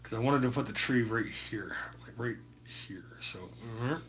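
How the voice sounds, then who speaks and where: Speaking a little slowly in a mid-range, slightly bright voice, he chats casually with viewers by name as he paints live. He's laid-back, rambles and swears freely, and there's a bit of hiss or hum in the recording.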